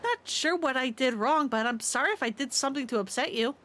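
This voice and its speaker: A woman's voice: high voice, expressive, brisk, bright, forceful tone, slight background noise. Woman doing a timid, polite teen idol. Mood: meek. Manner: apologetic and hesitant. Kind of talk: reading game dialogue aloud on a stream.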